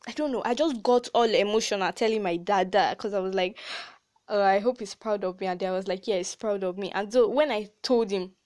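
A woman's voice: mid-range voice, a little fast, a little mellow. A teenage girl with a Nigerian accent hosting a casual chat podcast, talking in a chatty, heartfelt way with many "like" fillers. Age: teens. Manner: chatty and emotional, frequent "like" fillers and laughs. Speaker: podcast host.

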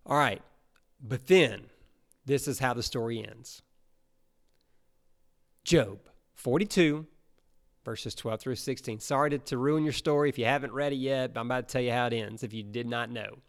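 A male pastor preaching in an easygoing, animated storytelling manner. His voice sits at an ordinary middle pitch, and he talks plainly, as if chatting with his congregation. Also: moderate pace, pauses often. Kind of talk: sermon.

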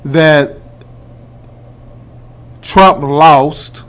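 A man hosting a radio show, delivering a colloquial, emphatic political commentary monologue that builds to loud declarations and addresses listeners as folks. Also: fairly high pitch, drawn-out words, smooth.

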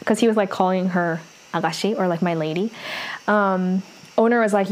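A young woman recaps a plot in a relaxed, rambling way. Her speech is full of "like" and "um" as she hops from one event to the next. The tone stays easygoing and conversational. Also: medium pitch, poor audio. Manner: chatty, fills every pause with "like" and "um". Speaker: drama recapper. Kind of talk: casual story recap.

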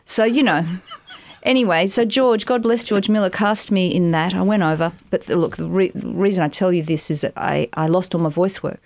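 A middle-aged woman, an actress and voiceover artist, telling animated stories in a casual interview, with rambling asides. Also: lowish voice, a little fast, dry recording. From Australia. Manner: animated, chatty, rambling anecdotes with many asides.

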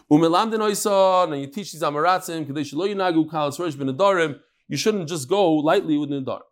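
A man teaching a text-study lecture in a classroom, emphatic and rhetorical, often repeating his phrases. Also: sits high. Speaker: religious studies teacher.

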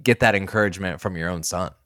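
A man hosting a podcast, asking earnest, halting questions. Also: sits low, sharp tone, no room sound, clean studio sound. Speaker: podcast host. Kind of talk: interview.

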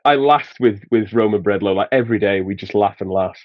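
Here the same kind of speaker, a chatty Yorkshireman from Sheffield guesting on a podcast, has a lowish voice and a brisk delivery. The recording is muffled but free of echo. He tells anecdotes with a laugh, restarting often as he goes.

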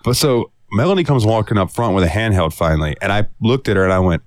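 Low-voiced young dude venting a work story, swears a ton, dry mic. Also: male voice, expressive, fast talker, few pauses, no echo. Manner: profane, exasperated storytelling with acted-out quotes. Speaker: podcast co-host. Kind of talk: casual storytelling chat.

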